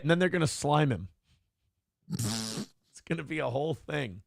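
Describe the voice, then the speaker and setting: A man's voice: on the high side, expressive, unhurried, vocal fry, pauses often, no echo, clean studio sound. A man co-hosting a morning talk show, joking irreverently and spinning comic stories. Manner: joking, drifts into storytelling voices and sung lyrics. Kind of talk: irreverent comedic podcast banter.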